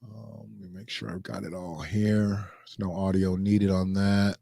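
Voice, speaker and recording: A man hosting a casual solo commentary show, talking loosely and jumping into high mocking voices when he quotes others. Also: little pitch movement, unhurried, gravelly, mellow, no echo, studio quality.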